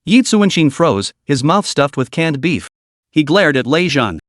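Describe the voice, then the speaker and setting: Lively dry-voiced recap narrator, male. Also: a little high, a little slow, no echo. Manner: dramatic storytelling.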